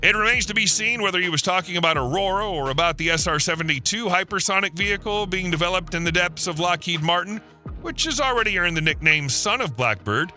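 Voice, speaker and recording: A man reading a scripted documentary narration in a steady, explanatory way, posing rhetorical questions to the viewer. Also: high-pitched, fast talker. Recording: voice-over with faint music behind.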